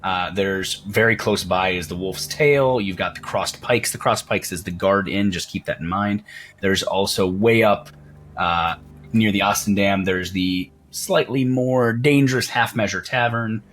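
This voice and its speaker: A man narrating a tabletop role-playing game as game master, describing scenes in a relaxed way. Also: low voice, measured pace.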